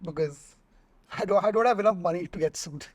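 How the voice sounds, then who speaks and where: A man with an Indian accent, a screenwriter guest telling animated stories in a casual interview and acting out what people said. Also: sits high, normal speed, no room sound. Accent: Indian English. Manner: animated storytelling, acting out quotes, laughs often.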